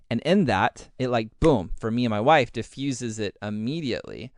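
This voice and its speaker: Brief: male podcast host, smooth resonant voice, dry close sound, animated, acts out his thoughts mid-sentence. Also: medium pitch, normal speed, hardly any pauses, no echo. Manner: animated, acts out his own inner voice in quotes; uses many fillers like "like". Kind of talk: casual podcast talk.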